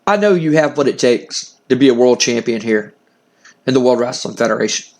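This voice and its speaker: A man's voice: medium pitch, lively intonation, fairly quick, a little mellow, voice pushed down, natural voice. A man paraphrasing an earnest wrestling champion. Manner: earnest, reassuring, repeats himself. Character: friendly male wrestling champion offering respect.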